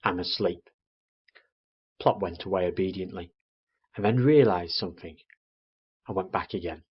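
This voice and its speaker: Husky low-voiced man reading a story. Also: normal speed. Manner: expressive storyteller. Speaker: teacher. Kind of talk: children's story read-aloud lesson. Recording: dull lo-fi recording.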